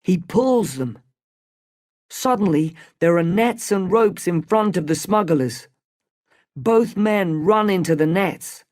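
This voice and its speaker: A storybook narrator reading at a slow, deliberate pace, each sentence clear and separate. The pitch sits in the middle range with a steady delivery. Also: no room sound, studio quality. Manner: slow, clear, evenly paced.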